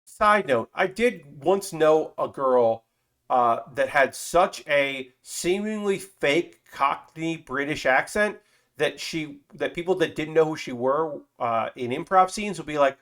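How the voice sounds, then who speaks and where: A man's voice: a little high, expressive, slow pace, fairly bright tone. A man streaming as he builds a model kit, chatting loosely with fillers and casual swearing. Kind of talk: casual live-stream chat.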